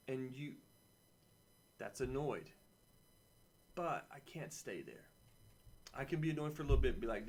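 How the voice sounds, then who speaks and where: A man's voice: medium pitch, normal speed. A man teaching a weekly video lesson to children, chatting and encouraging, repeating key phrases and adding playful asides. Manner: playful asides and personal stories. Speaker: camp teacher.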